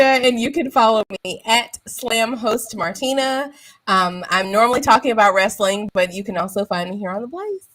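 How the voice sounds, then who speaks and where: A woman's voice: on the high side, moderate pace, fairly bright tone, no echo, rough recording. A woman in her late thirties, a wrestling show host, chatting expressively on a video call panel and laughing often. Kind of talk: casual panel chat.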